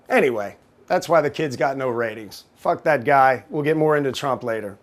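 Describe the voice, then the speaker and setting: A man's voice: mid-range voice, moderate pace. A man hosting a call-in talk show, ranting with sarcasm and rambling through many restarts. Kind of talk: opinionated political rant.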